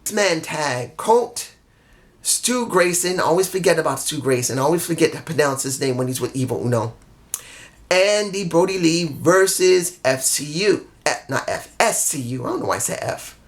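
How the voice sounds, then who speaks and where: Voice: mid-range voice, animated, normal speed. A tired vlogger recapping a wrestling show to camera, blunt and emphatic, swearing freely.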